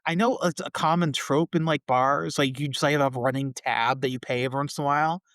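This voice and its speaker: A podcast co-host with a medium-pitched voice chats quickly and casually while recapping a sitcom, dropping in plenty of fillers along the way. The recording is dry with clean studio sound.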